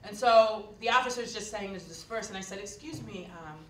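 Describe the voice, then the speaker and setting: A woman's voice: medium pitch, fairly quick, fairly bright tone, distant mic, slight background noise. A woman giving a keynote address, telling a story in an earnest, conversational way with frequent fillers. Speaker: keynote speaker. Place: lecture hall. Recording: echoey hall recorded from afar.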